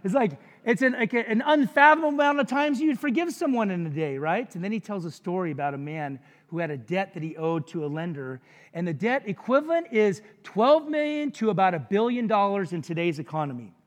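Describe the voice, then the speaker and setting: A man's voice: sits high, expressive, fairly quick, big-room sound. A man preaching a sermon as pastor, conversational and jokey, with frequent asides to the congregation.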